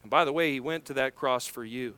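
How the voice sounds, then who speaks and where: A man preaching an expository sermon, emphatic, swelling louder on key points. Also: medium pitch, a little fast, smooth. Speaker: pastor.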